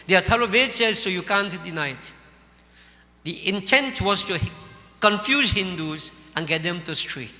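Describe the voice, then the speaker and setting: Caribbean English male preacher, high voice, long reverb in a hall. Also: expressive, normal speed, bright, forceful tone. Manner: folksy, emphatic, addresses listeners as devotees. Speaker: Hindu religious teacher. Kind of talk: sermon with storytelling.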